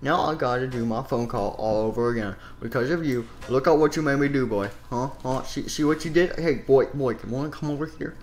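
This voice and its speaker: A man's voice: mid-range voice, brisk, few pauses, darkish tone, a little hiss or hum, natural voice. A man voicing a boastful, hot-headed karate master in an improvised game role-play, taunting and repeating himself.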